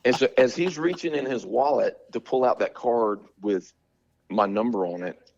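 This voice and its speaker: A man from Alabama, a drummer telling stories in a casual interview, animated, slangy and quick to laugh. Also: medium pitch, highs cut off. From Montgomery, Alabama. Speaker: guest musician, drummer.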